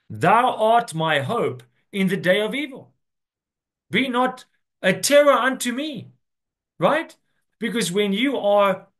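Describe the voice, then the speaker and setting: A man's voice: high voice, fairly bright tone. Earnest man preaching a sermon. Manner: earnest, drawn-out emphatic preaching with scripture quotes. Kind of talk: sermon on scripture.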